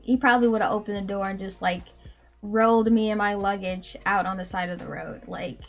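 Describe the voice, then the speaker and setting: A woman game developer telling a story on her stream, animated and exasperated, laughing often and peppering her speech with "like". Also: mid-range voice, fairly quick, faint music behind. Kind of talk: casual storytelling.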